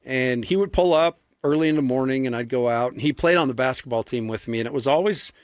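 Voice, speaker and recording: Brief Male radio co-host, mid pitch, dry close mic, easygoing wry banter. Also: fast, clean tone, no echo.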